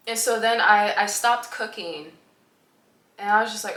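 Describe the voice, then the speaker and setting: A young woman vlogger telling a personal story in a lively, laughing way, acting out the voices of the people in it. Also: mid-range voice, moderate pace, pauses often, reverberant.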